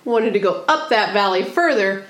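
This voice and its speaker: A woman telling a story in casual chat, animated, laughing often and swearing freely. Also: medium pitch, normal speed. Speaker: podcast co-host telling a story. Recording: roomy echo.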